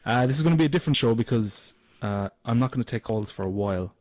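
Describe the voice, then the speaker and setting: A man's voice: mid-range voice, expressive, quick pace, darkish tone. A man with an Irish accent hosting a casual internet radio show, giggly and swearing freely. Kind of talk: casual chat.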